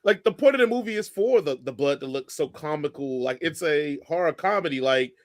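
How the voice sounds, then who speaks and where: A man with a fairly high voice, easygoing and chatty, who leans on little fillers as he argues a point. He is sharing opinions in relaxed podcast conversation. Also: a little fast, dry recording, clean studio sound. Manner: easygoing, uses many fillers like "like". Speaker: podcast co-host. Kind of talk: casual movie review chat.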